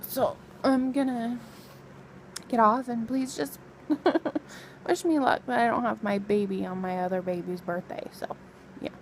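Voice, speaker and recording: A woman's voice: fairly high pitch, fairly even intonation, unhurried, slight background noise, poor audio. A young pregnant woman vlogging casually from bed, rambling and laughing as she talks to her camera. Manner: chatty, rambling, laughs often. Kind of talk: casual pregnancy vlog chat. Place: lying in bed at home.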